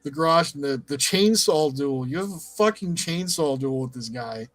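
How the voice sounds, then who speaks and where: A man co-hosting a casual podcast chat, animated, swearing freely and laughing a lot. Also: a little high, normal speed, no room sound. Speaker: podcast co-host. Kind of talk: casual game review chat.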